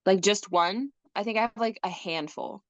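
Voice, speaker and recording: A young woman co-hosting a casual podcast, chatting in an animated, rambling way. She laughs often and fills her talk with fillers. The sound is dry and close, with no room echo. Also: mid-range voice, moderate pace, dull audio. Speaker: podcast co-host. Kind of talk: casual chat.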